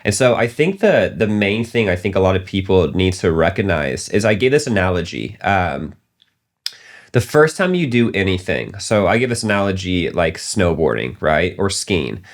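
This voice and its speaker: A young man with a very low, deep voice talks through business lessons on a casual podcast. He tells animated stories and acts out the voices of the people in them. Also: moderate pace. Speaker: podcast host.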